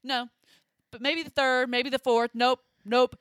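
A woman co-hosting a casual chat, telling a story with lively swings and high put-on voices. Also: unhurried, clear, resonant tone, no echo, studio quality. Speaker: podcast co-host.

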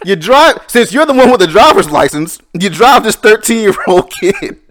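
A man in casual podcast chat who laughs and swears as he reacts. His voice is high and swings wildly in pitch. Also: sing-song, moderate pace, noisy background.

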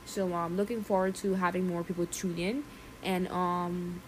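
A young woman from Saint Martin with a softened Caribbean accent, chatting casually and rambling on her solo podcast, laughing often and dropping slang. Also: lowish voice, level tone, normal speed, a little hiss or hum. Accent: Caribbean, softened toward a general English. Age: young adult. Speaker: podcast host.

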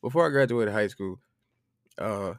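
A young man, telling an animated, profane story in casual chat. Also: fairly low pitch, normal speed, no echo, clean studio sound.

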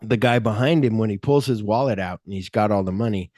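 Podcast guy with a mellow voice, dry close mic, chatting about a movie and doing the lines. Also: lowish voice, quick pace, dry recording. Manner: animated retelling, acts out quoted lines. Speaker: podcast host. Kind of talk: casual film discussion.

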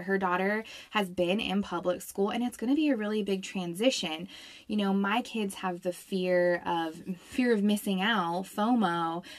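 A woman in her thirties, a homeschooling mother, talking casually and reflectively to the camera, thinking aloud as she goes. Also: medium pitch. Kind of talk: casual vlog talk.

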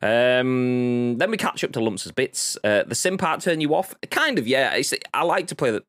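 A man's voice: mid-range voice, animated, moderate pace, fairly bright tone, no room sound, clean studio sound. A man co-hosting a casual live-streamed podcast, rambling, swearing freely and reading chat messages aloud. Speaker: podcast co-host.

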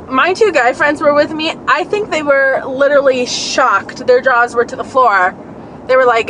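A young woman vlogging from her car, telling a rambling, profane story in a casual, animated way. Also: sits high, a little hiss or hum, low-quality recording. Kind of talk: casual storytelling while driving. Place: car on city streets.

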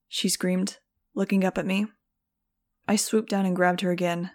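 A woman narrating an audiobook in steady, even storytelling. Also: mid-range voice, normal speed. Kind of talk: scripted narration.

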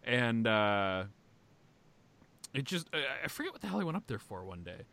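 A man hosting a podcast in casual chat, animated and swearing, with big swings in pitch. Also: normal speed. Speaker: podcast host.

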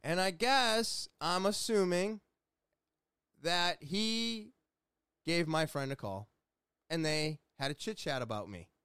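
A man's voice: a little high, lively intonation, slow, pauses often, pushed and bright, clear, resonant tone, dry recording, clean studio sound. A man talking in a rambling, earnest, self-deprecating way in a casual video chat from a small room at home. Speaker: vlogger.

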